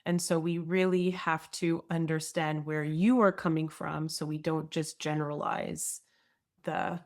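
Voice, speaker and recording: A woman's voice: low voice, little pitch movement, unhurried. A woman hosting a podcast interview, enthusiastic and laughing often as she talks with her guest. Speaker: podcast host. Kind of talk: interview conversation.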